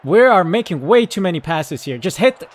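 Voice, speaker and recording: A man giving excited live commentary on his football management game, yelling at his players, then calmly talking through tactics. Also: a little high, a little fast, noisy background. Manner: excitable, shouts at the team, then calm tactical talk. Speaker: gaming YouTuber.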